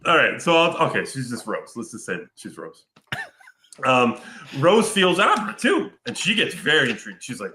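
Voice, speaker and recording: A man's voice: mid-range voice, wildly swooping pitch, moderate pace, sharp tone, a little hiss or hum. A man hosting a podcast, casually recapping a film plot in a rambling, profane way, full of fillers. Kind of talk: casual chat. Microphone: picked up from afar by another mic. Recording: roomy, off-mic sound from an unplugged mic.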